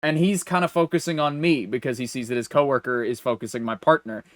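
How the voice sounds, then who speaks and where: Animated man telling a story, dry sound. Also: medium pitch, fast, dry recording. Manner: animated storyteller acting out dialogue. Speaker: podcast co-host. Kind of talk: casual chat.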